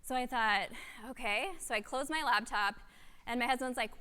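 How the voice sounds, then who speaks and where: A woman giving a keynote talk at a conference, telling a story with lively, animated delivery and acted-out quotes. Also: a little high, normal speed, clean tone. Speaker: keynote speaker. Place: conference hall. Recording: long hall reverb.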